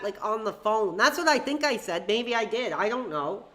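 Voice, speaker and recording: A woman's voice: a little high, very animated, normal speed, hardly any pauses, fairly bright tone. A woman hosting a live stream with fan call-ins, talking in a heated, ranting way with frequent swearing. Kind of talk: live-stream chat with fans.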